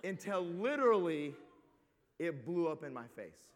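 Man, high voice, animated rambling preacher-storyteller, big reverberant hall. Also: unhurried. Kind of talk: comic storytelling sermon.

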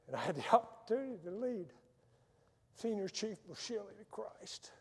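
A man delivers a sermon in a fairly high voice, telling stories with dramatic swings between loud emphasis and hushed quiet lines. His words ring out through a large church with a long, trailing reverb. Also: sing-song, moderate pace, creaky, breathy edge. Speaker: missionary preacher. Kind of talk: sermon with personal storytelling.

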